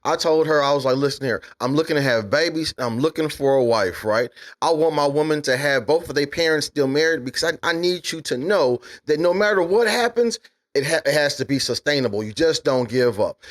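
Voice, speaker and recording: An American man co-hosting a casual podcast discussion, blunt and preachy, cursing and growing loud and emphatic as he makes his points. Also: fairly high pitch, expressive, fairly quick. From USA. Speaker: podcast co-host.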